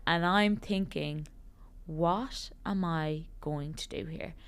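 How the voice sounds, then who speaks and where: A young woman co-hosts a podcast, telling a story in casual chat and animatedly acting out the voices of the people in it. Her voice is deep and her pace slow, with slight background noise.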